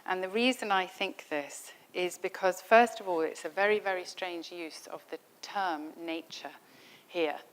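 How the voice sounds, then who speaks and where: A middle-aged woman teaching theology to a class, with a slightly low voice. She works through her points in a conversational way and keeps posing rhetorical questions to the listeners. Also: unhurried, smooth. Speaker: theology lecturer. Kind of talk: spoken Bible teaching. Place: lecture at a summer school.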